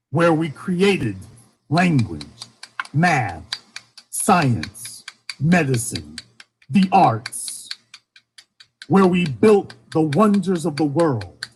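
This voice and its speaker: Against slight background noise, a man with a somewhat high voice and a faint Southern accent, from Shreveport, Louisiana, delivers a heated streamed monologue. As a commentator, he repeats rhetorical questions, pushing his emphasis up and down.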